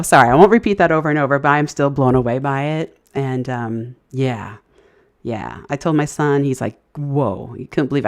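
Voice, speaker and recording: Middle-aged woman, low-pitched, rambling and emotional live-stream host. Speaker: livestream host. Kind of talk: casual live chat storytelling.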